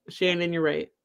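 A woman reacts to a video on her live stream, chatty and emphatic, often breaking into laughter. Her voice sits a little low for a woman. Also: creaky.

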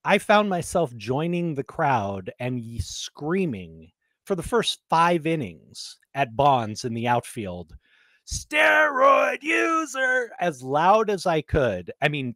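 A man's voice: medium pitch, big pitch swings, measured pace, no room sound. A man co-hosting a podcast, telling stories in an emphatic, conversational way. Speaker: podcast co-host. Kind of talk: casual chat.

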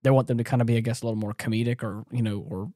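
A man co-hosting a casual movie review podcast, rambling and animated, with many restarts and fillers. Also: medium pitch, rapid-fire, no room sound, clean studio sound. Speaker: podcast co-host.

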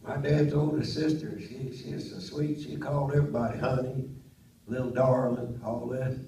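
An older man preaching a Pentecostal sermon in a church, swinging from quiet storytelling up to loud, high-pitched shouting. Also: fairly even intonation, normal speed, slight background noise. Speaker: pastor. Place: church sanctuary. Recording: roomy church audio from a distant mic.

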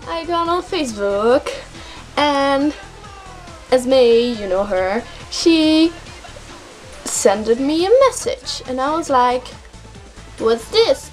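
A young woman vlogging as an excited K-pop fan, gushing and repeating words for emphasis. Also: high-pitched. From Netherlands. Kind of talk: excited casual vlog. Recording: faint music behind voice.

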